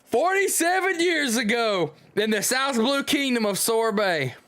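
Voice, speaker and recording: A man streaming a live manga reading, reacting out loud with excitement and musing as he reads. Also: extremely high pitch, measured pace. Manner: excitable, exclaims and muses aloud.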